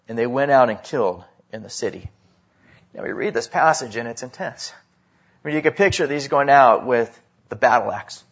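A man preaching a sermon, swinging between loud emphasis and hushed drops. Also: mid-range voice, lively intonation, moderate pace, slightly rough, lo-fi sound. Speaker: pastor.

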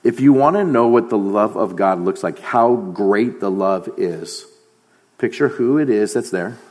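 A man's voice: on the low side, unhurried, darkish tone. A man preaching a sermon, emphatic, dropping to a near-whisper on key phrases.

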